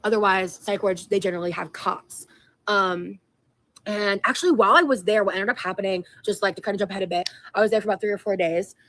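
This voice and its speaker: A woman's voice: medium pitch, fast talker, a bit bright. Woman vlogger, casual rambling storyteller, many ums. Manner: rambling, lots of fillers.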